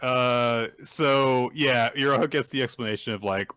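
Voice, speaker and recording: A man's voice: mid-range voice, a little slow, hardly any pauses, fairly bright tone, clear, resonant tone, no echo. A man co-hosting a podcast, retelling manga chapters in a rambling way with lots of fillers. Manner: rambling, filler-heavy retelling that acts out quotes. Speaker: podcast co-host. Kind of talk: casual manga recap chat.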